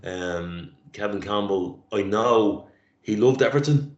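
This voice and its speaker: A middle-aged man co-hosting a casual chat, reflective and halting, his voice catching with emotion. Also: lowish voice. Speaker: podcast co-host. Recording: roomy lo-fi sound.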